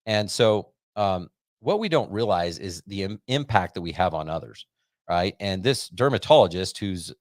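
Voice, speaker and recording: A man's voice: low-pitched, no echo, studio quality. A middle-aged American man hosting a podcast, chatting casually and rambling upbeat with many fillers. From United States. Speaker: podcast host. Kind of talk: casual monologue to a live audience.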